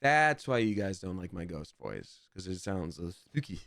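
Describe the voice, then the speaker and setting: A man streaming a game live, chatting and reading out chat, breaking into loud surprised outbursts. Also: sits low, sing-song, moderate pace, vocal fry, hardly any pauses, faint music behind.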